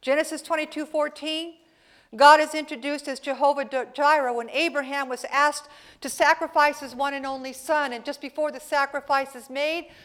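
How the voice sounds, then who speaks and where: High-voiced woman preaching a dynamic sermon. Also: fairly even intonation, moderate pace. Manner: dynamic preaching, swings between soft asides and loud emphatic reading; playful asides to the congregation. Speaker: pastor. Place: church.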